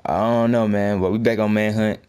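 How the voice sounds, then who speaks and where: Young man, southern accent, low voice, slangy, rambling, nervous, gameplay commentary. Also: little pitch movement, brisk, a little mellow, smooth. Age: young adult. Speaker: gaming YouTuber.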